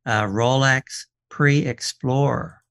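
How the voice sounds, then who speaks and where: A man telling stories on a radio talk show, quoting the people in them and often restarting his sentences. His pitch sits in the middle for a man. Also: drawn-out words. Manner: animated storyteller, quotes people in dialogue, frequent restarts. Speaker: watch expert and appraiser, guest. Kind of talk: casual radio show storytelling.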